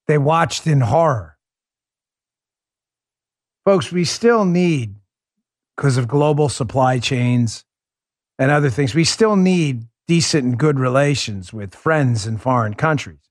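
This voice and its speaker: A man hosting a political commentary podcast, talking in a sarcastic, mocking, animated way. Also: medium pitch, takes it slowly, long pauses, dry recording, clean studio sound. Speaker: host.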